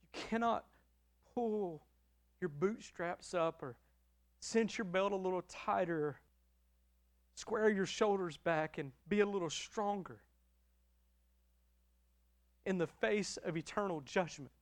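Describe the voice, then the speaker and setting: A middle-aged man preaching a sermon as pastor, emotional and emphatic, swinging between loud declarations and hushed passages. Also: sits high, slow, long pauses.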